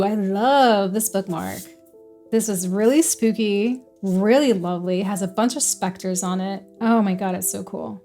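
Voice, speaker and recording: A woman's voice: medium pitch, a little slow, darkish tone, faint music behind. Chatty giggly woman unboxing books. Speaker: book vlogger. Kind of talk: casual unboxing chat.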